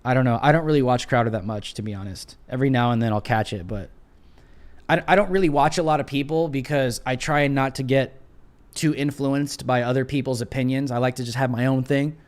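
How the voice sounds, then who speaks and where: A man hosting a live political commentary stream, talking in an animated, repetitive and slangy casual way while reading viewer donations. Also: medium pitch, brisk. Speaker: host of a live show.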